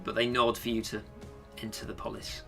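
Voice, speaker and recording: A man narrating a tabletop game as game master, halting with many fillers. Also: on the low side, completely flat delivery, vocal fry, over music.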